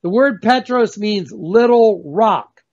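A man giving a fervent, emphatic religious testimony as a guest on a video call, slowing down to stress key words. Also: high-pitched, animated, a little mellow. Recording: dull lo-fi sound.

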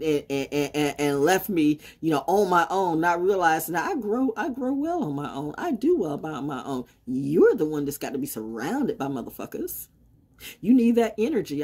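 A woman in her sixties giving a defiant, rambling monologue, swinging from loud outbursts to low mutters. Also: husky. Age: 60s. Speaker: vlogger. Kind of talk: unscripted monologue.

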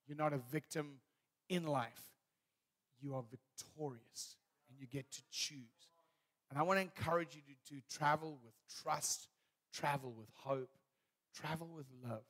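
In a dry recording, a pastor with a slightly high voice preaches a sermon built on humorous, animated stories. He acts out scenes and laughs warmly at his own tales.

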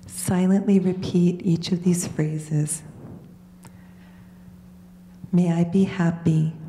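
Slow, soothing woman leading meditation. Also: on the low side, warm tone, slight background noise. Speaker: meditation leader. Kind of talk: guided meditation. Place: large hall. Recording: echoey hall reverb.

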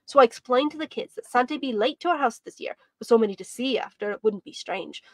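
A woman's voice: a little high, animated, quick pace, no echo. Woman reading as Harvey, a chatty boy. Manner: chatty, folksy dialect. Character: poor cheerful Irish boy, eager and proud.

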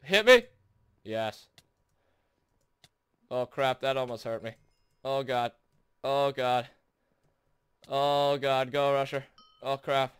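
A young man hosting a gaming video, commentating his own play in frustration, shouting and groaning between sarcastic mutters. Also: mid-range voice, level tone, slow pace, long pauses, clear, resonant tone, no echo. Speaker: gaming channel host. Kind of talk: raging let's play commentary.

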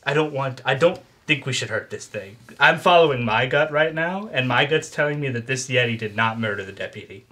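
A man's voice: medium pitch, animated, fairly quick, few pauses, sharp tone. A man playing a tabletop game, earnestly reasoning things through. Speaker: player. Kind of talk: casual tabletop game play.

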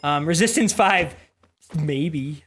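An adult streamer giving rambling, excitable live commentary while playing game boss fights, with sudden yelps. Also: mid-range voice, slow, a little hiss or hum. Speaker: streamer playing community-made game bosses.

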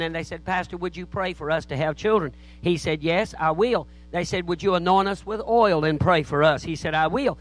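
A man's voice: high-pitched, rough recording. A man preaching a sermon in a church, telling folksy stories. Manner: folksy joke-telling, acts out voices in anecdotes. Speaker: pastor.

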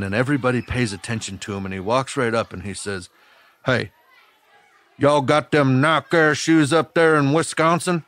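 A man working as a camp counselor, telling a personal story to children in an earnest, gently encouraging way. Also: on the low side. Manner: earnest and gently encouraging, talks straight to kids.

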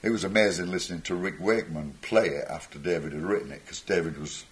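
An older man, a musician appearing as a stage guest, speaks quickly in a low-pitched voice. He tells rambling anecdotes, chuckling and acting out voices as he goes.

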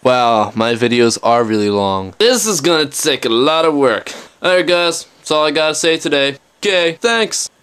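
A young man talks straight into his camera from his bedroom, hopping from one thought to the next and poking fun at himself. His voice sits a little high and sounds smooth and clear. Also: lively intonation, normal speed, hardly any pauses, a bit bright. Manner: jumpy, self-mocking, talks straight to the camera. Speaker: vlogger. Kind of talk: rambling casual vlog to camera.

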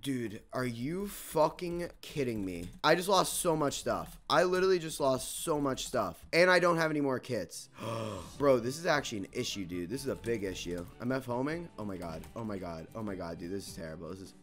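Bright-voiced young man ranting over gameplay. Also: medium pitch, animated, moderate pace, few pauses. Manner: frustrated, swearing, repeats himself. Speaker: gaming video creator. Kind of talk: live gameplay commentary.

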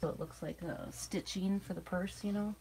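A middle-aged woman talks viewers through a craft project in a relaxed, chatty way, yawning now and then. Her voice sits on the low side, and a steady noise runs under the recording. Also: normal speed, vocal fry. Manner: chatty and relaxed, with frequent yawns. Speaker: crafting livestream host. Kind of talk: casual livestream craft demo, chatting with viewers.

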